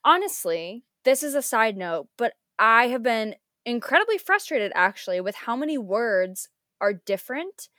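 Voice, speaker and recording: A woman's voice: on the high side, big pitch swings, normal speed, bright, forceful tone, no echo, studio quality. A young American woman, a teacher, talking casually in a conversation with many fillers and restarts. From United States.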